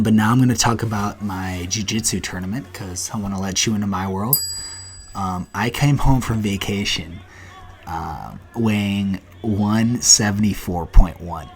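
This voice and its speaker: A young man in his twenties hosts a solo podcast, talking casually in a lowish voice. He is blunt and profane and gets animated as he rants. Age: 20s. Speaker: podcast host.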